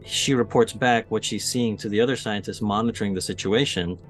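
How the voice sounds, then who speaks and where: A man's voice: lowish voice, fairly quick, faint music behind. A man co-hosting a podcast in casual fan discussion, animatedly retelling scenes and acting out quoted lines. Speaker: podcast co-host.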